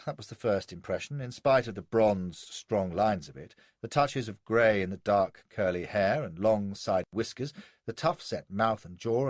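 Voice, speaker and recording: A man narrating a first-person period novel in a wry, expressive storytelling manner. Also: fairly low pitch, no echo. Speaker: audiobook narrator.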